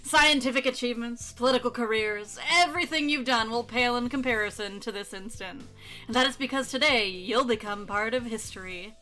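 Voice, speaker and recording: A woman's voice: a little high, fairly quick, sharp tone, faint music behind. A woman voicing a theatrical male supervillain, reading his lines in a hammy, declamatory way. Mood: grandiose.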